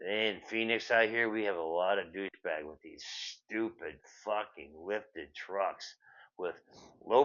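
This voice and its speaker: A man's voice: lowish voice, fairly bright tone. An older man hosting a show, ranting in a profane comedic style, repeating himself and drifting off on tangents. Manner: swears constantly, repeats words, trails into tangents. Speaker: show host. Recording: dull lo-fi sound.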